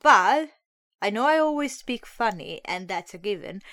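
A woman's voice: medium pitch, normal speed. A woman hosting a podcast in casual, self-deprecating chat, her speech a little slurred from a sore mouth. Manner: chatty, self-deprecating, animated asides. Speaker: podcast host.

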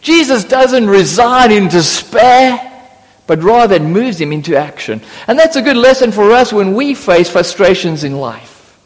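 A man's voice: high voice, animated, measured pace. A man preaching a sermon, acting out biblical voices with humorous asides. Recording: long reverb of a church hall.

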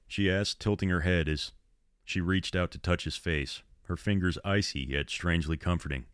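Male horror storyteller, deep and measured, dry booth sound. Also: fairly even intonation, smooth, dry recording. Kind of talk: reading his own horror story.

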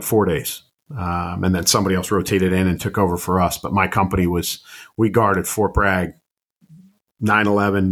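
A man in his fifties, a retired army officer, telling his story as a podcast guest in a measured, reflective way with frequent ums and uhs. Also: low voice, a bit bright. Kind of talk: conversational storytelling interview.

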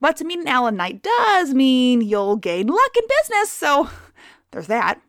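A woman's voice: high-pitched, big pitch swings, unhurried, no room sound, studio quality. A woman and former zookeeper giving a crude, sarcastic comedic monologue.

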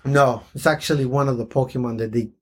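A man's voice: steady tone, a little fast, husky. A man co-hosting a casual chat, reading comic panels aloud and often laughing. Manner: laughs often, acts out lines with shifts of pitch. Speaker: podcast co-host.

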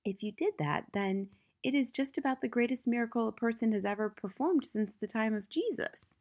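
A woman reading the part of a gentle, kind young schoolteacher who speaks softly, often close to a whisper, as an audiobook character. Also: on the high side, normal speed, pitched above the performer's own voice, natural voice. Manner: soft-spoken, gentle, often near a whisper.

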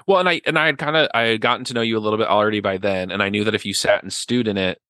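A man's voice: lowish voice, racing, pushed and bright, clean tone, dry recording. A man in a casual podcast chat, talking earnestly and at length, full of "like" and "right?". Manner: earnest, rambling, many "like" and "right?".

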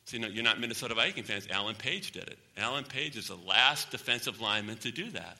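Bright-voiced preacher in a reverberant hall. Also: male voice, fairly low pitch, animated, quick pace. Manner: emphatic, repeating key phrases. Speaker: pastor. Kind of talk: sermon.

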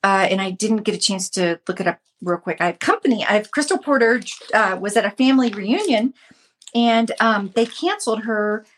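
A woman's voice: medium pitch, animated, normal speed. A woman in her fifties giving a casual devotional talk to her viewers, earnest and chatty, repeating herself often. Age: 50s. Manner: earnest, chatty, with frequent repetition. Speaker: host of a Christian mom channel.

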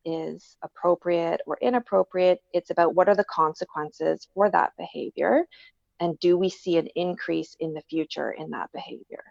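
Woman behavior analyst chatting on a podcast, gravelly voice, dry lo-fi sound. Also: fairly low pitch, normal speed, a little mellow, no room sound. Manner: explains patiently with everyday examples. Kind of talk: casual podcast chat. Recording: dull, slightly lo-fi dry recording.

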